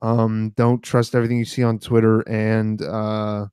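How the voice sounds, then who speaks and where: A man's voice: fairly low pitch, completely flat delivery, unhurried, darkish tone, smooth, no echo, studio quality. A man co-hosting a casual podcast, joking and sarcastic, rambling with fillers. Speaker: podcast co-host.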